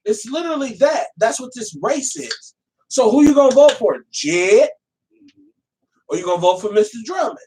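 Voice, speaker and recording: A man hosting a casual talk show, animated and profane, often slipping into voices to make a point. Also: very high-pitched, normal speed. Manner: animated, profane, acts out voices mid-rant. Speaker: podcast host. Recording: voice a bit distant from the mic.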